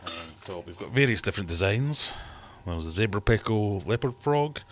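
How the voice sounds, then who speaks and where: A man's voice: on the low side, lively intonation, moderate pace, slight background noise. A British man in his thirties hosting a casual livestream from his fish room, rambling and joking as he reads out viewers' comments. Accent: British English. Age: 30s. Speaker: livestream host.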